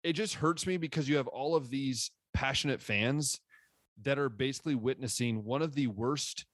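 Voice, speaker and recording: Male sports podcast co-host, mid-pitch, animated ranter, dry recording. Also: moderate pace, dry recording. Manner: animated, ranting with frequent restarts. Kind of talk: casual sports chat.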